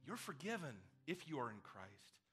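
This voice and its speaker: A man's voice: on the high side, very animated, normal speed, a bit bright, breathy edge, faint music behind. A male pastor delivering a sermon and prayer in an earnest, storytelling manner.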